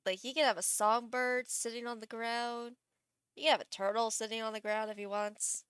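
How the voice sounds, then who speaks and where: A woman's voice: on the high side, steady tone, moderate pace, fairly bright tone, clean tone, no echo, studio quality. A woman streaming live, chatting casually and thinking aloud while she builds a game character, gushing and laughing.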